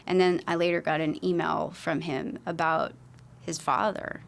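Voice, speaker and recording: On a casual podcast, a woman guest who works as a holistic wellness coach tells client stories, earnest and rambling with lots of fillers. Her voice sits low with a level tone, vocal fry, and moderate pace, and there's a slight hiss or hum.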